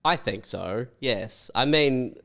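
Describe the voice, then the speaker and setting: A man's voice: mid-range voice, expressive, takes it slowly, creaky, a bit bright. A man co-hosting a comedy podcast, laid-back and profane, spinning absurd scenarios with dry humor. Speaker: podcast co-host. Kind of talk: crude comedic banter.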